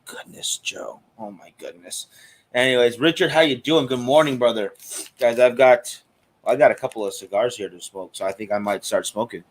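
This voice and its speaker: Male host for a live cigar chat show; relaxed, talkative, mid-range voice. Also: medium pitch, fairly quick, slight background noise. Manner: chatty, greets viewers by name, frequent fillers. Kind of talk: casual live-stream chat.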